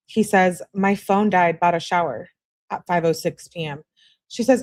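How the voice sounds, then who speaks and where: A woman's voice: lowish voice, moderate pace. A woman hosting a true crime livestream, reading a series of text messages aloud with a lifted, emphatic delivery. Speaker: true crime channel host.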